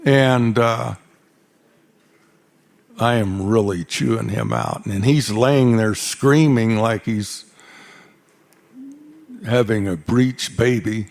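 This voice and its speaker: A man's voice: on the low side, slow, vocal fry, long pauses, a little mellow. An older man from Arizona, telling cowboy stories onstage in a folksy, dry-humored drawl. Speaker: cowboy storyteller. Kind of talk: onstage storytelling. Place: stage before a live audience.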